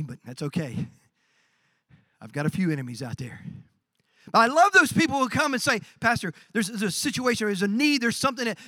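Male pastor preaching, high bright voice, goes from hushed to shouting, dry sound. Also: dry recording. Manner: animated preaching, acting out quoted voices, swings from quiet to shouting. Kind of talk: sermon. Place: church.

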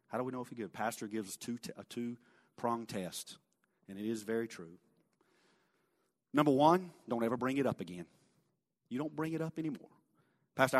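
A man telling a folksy mission story in a sermon, animated, then dropping quiet for emphasis. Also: medium pitch. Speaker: lay speaker sharing a mission story. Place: church sanctuary. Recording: long church reverb.

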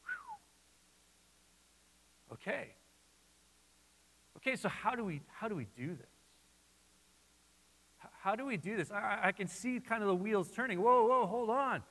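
A man preaching a sermon as pastor, animated and repeating his phrases as he voices listeners' doubts. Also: high-pitched, normal speed, long pauses, big-room sound, rough recording.

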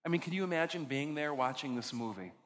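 A man preaching a sermon as pastor, earnest, slowing down for emphasis and dropping low and soft on key lines before leading communion. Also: lively intonation, slight background noise, low-quality recording.

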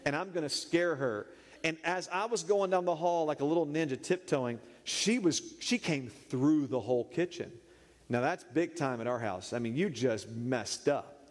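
A man preaching, telling a funny story in an animated, playful way. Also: a little high, normal speed. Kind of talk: humorous sermon storytelling. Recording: echoey hall reverb.

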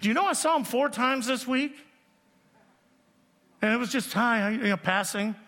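A man in his sixties preaching a sermon as pastor, animated and joking with the congregation. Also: very high voice, normal speed. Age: 60s. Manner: animated storytelling, jokes with the audience. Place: church auditorium. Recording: long reverb of a large hall.

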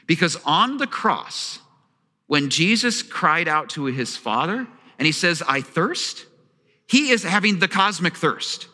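A man preaching in a sanctuary, telling his story with animated emphasis and putting questions to the congregation. His voice is bright and fairly high for a man, and it rings in the long reverb of a large church hall. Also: slow. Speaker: pastor. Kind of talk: sermon.

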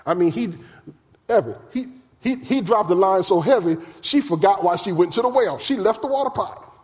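A male pastor preaching a sermon in a colloquial, animated way, acting out the voices of the people he talks about. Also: sits high, normal speed. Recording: long hall reverb.

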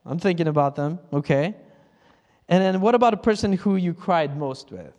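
A pastor with a high-pitched voice gives a relaxed, chatty sermon from the stage, laughing at himself as he goes. He breaks into quick impressions of how other people pray. The sound fills a large church hall, trailing off in a long, lingering reverb.

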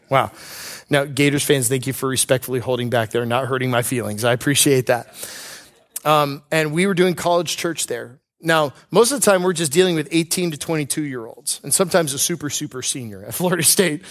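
A man preaching a conversational sermon, telling personal stories with earnestness and light humor, slowing down to stress key points. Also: medium pitch. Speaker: pastor.

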